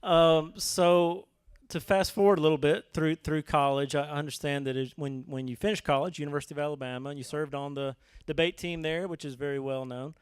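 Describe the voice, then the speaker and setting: A man's voice: fairly high pitch, steady tone, brisk, smooth, dry recording, studio quality. A man hosting a live talk, asking friendly, conversational questions with a few fillers. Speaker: interviewer, host.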